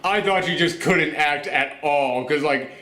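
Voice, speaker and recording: A man chats through a spoiler movie review with animated energy and frequent swearing. His voice sits a little high for a man. The room around him adds a noticeable echo. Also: unhurried. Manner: animated, swearing, with acted asides. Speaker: movie reviewer and channel host. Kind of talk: casual spoiler review chat. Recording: echoey room.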